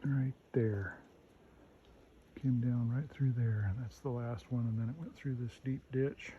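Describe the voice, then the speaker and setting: A man's voice: mid-range voice, steady tone, warm tone, lo-fi sound. Man narrating outdoors on a camera mic. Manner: halting, pointing things out with many fillers. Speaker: vlogger marking property boundary trees. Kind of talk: casual how-to narration while working. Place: outdoors in woods. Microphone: handheld camera mic. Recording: outdoor camera audio with background noise. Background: outdoor nature sounds.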